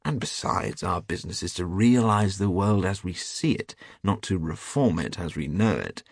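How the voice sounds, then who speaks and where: A man's voice: low voice, expressive, moderate pace, slightly rough, dry recording, clean studio sound, exaggerated voice. A man voicing a worldly, amused painter who teases his friend, with a drawling manner.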